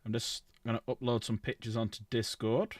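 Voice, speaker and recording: A man in the middle of his pitch range talks casually on a livestream, running through long lists and stopping often to correct himself. The sound is dry and close, with almost no room around his voice. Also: level tone, a little fast, no room sound. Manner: rambling, self-correcting, lists items aloud. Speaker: streamer.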